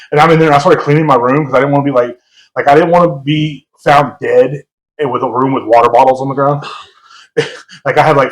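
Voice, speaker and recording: A young man chats on a podcast, telling a story in a loose, rambling way. He pokes fun at himself and laughs easily. His voice sits mid-range and carries a roomy echo. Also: medium pitch. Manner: rambling, self-mocking, laughs often. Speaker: podcast co-host. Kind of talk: casual storytelling chat.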